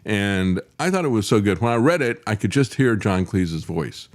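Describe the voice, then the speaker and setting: A man's voice: on the low side, lively intonation, normal speed. A middle-aged man hosting a commentary show, sardonic and chuckling, with frequent "uh" fillers. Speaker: host.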